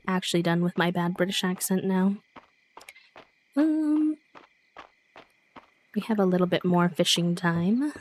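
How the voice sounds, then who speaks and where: A woman's voice: lowish voice, a little hiss or hum. Woman game streamer; casual, chatty play-along commentary with frequent laughs. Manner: chatty, laughs often, thanks followers.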